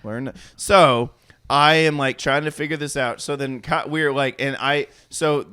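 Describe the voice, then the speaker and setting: A man's voice: a little high, measured pace, clear, resonant tone, no room sound. A young man telling a rambling story on a podcast, swearing freely and acting out what people said. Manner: profane, animated anecdote-telling with quoted voices. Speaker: podcast co-host. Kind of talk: casual storytelling chat.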